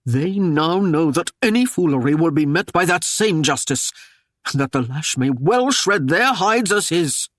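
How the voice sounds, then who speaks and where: A man's voice: a little high, lively intonation, measured pace, fairly bright tone, dry recording, clean studio sound. A man voicing a stern, commanding Norman warlord who speaks in harsh, old-fashioned phrases. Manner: harsh, commanding, archaic speech.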